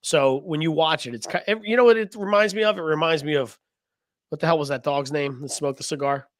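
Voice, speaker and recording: A man's voice: fairly high pitch, a little fast, dry recording. Teasing man with a dry sound. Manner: teasing, wisecracking. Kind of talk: casual podcast banter.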